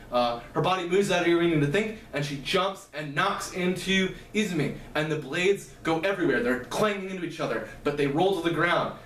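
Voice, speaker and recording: A man retelling the plot of a novel in a halting, casual way, often correcting himself. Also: a little high, fairly bright tone. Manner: halting, frequent fillers and self-corrections. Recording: echoey room, mic at a distance, faint hum.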